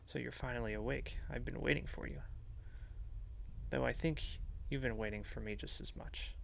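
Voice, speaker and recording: A man reading the lines of a mocking, unseen creature in a horror game, in a slow, commanding way. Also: medium pitch, vocal fry, a little hiss or hum. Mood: taunting. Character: mocking unseen male creature under a house. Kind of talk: reading game dialogue aloud.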